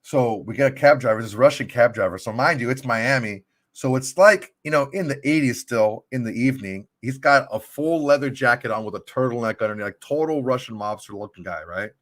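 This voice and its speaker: A man's voice: medium pitch, brisk, few pauses, fairly bright tone. Profane man telling a rambling story. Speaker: podcast co-host. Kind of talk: casual storytelling chat.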